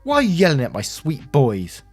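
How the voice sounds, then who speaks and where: A man's voice: fairly high pitch, huge pitch swings, normal speed, slightly rough, voice pushed up, full character voice. A sneering, blunt entitled mother in her thirties, read by a male narrator in a voice close to his own. She talks down at people without hesitation. Faint music hums in the background. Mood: scornful. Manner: scornful, blunt.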